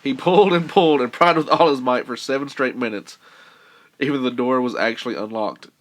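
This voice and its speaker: A man's voice: medium pitch, brisk, fairly bright tone. A man co-hosting a casual podcast chat, cracking jokes and reading news items aloud. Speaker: podcast co-host.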